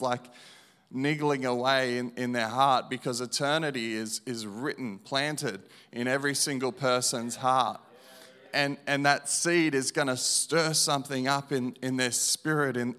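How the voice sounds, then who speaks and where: A man preaching an evangelistic sermon and sharing his testimony, repeating phrases slowly and emphatically, swinging between hushed and loud. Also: medium pitch, clear, resonant tone.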